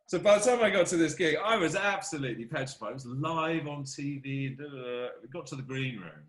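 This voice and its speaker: A man's voice: on the high side, a little fast. Composer guy telling funny stories on himself, voice jumps all over, echoey room. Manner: animated, self-deprecating storyteller. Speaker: film composer, interview guest. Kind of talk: casual interview conversation.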